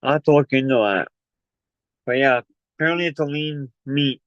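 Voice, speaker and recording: Hosting a casual livestream, a man of medium pitch talks at a normal speed, rambling chattily and plugging merch. He sounds winded from racing up and down stairs, and the dull lo-fi call audio has no echo.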